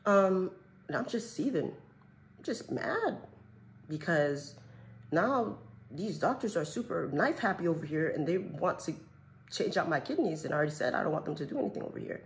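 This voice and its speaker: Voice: mid-range voice, expressive, a little fast, slight background noise, low-quality recording. A young adult vlogger telling a frank personal health story in a chatty way, with many fillers and quoted thoughts. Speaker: vlogger sharing a health journey. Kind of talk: candid storytelling to camera.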